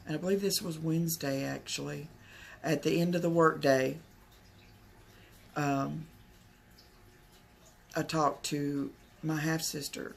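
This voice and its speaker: Slow, steady woman storytelling. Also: deep voice, gravelly. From Texas. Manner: rambling, many fillers and restarts. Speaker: vlogger. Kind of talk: casual personal storytelling.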